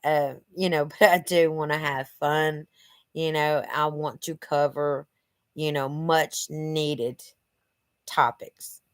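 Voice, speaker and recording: With a deep, steady voice, a woman speaks slowly and without room sound. She's hosting a casual vlog from her living room, talking right to her viewers in an earnest, rambling way packed with "you know" fillers, a little congested from allergies.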